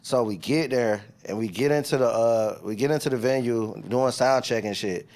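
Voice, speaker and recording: A man's voice: medium pitch, moderate pace, a little mellow. A young man from Decatur, Georgia, a rapper guest telling stories in loose, profane slang during a casual interview.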